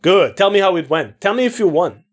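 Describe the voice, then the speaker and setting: A woman who plays through a game and comments casually, chatty and quick to swear. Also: lowish voice, big pitch swings, slight background noise. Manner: chatty, swears, laughs at herself. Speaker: let's player.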